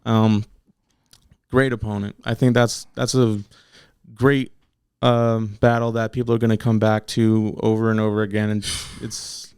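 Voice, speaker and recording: A man in a casual interview, telling his story bluntly with plenty of swearing. His voice is smooth and clear, recorded close and dry with no room sound. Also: on the low side, level tone, a little slow, a little mellow, no room sound. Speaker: battle rapper guest.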